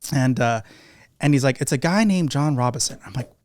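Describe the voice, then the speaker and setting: A man's voice: mid-range voice, fairly quick, no echo, studio quality. A man hosting a podcast, telling a casual anecdote and acting out the quotes. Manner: animated anecdote with acted-out quotes. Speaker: podcast host. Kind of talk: casual storytelling.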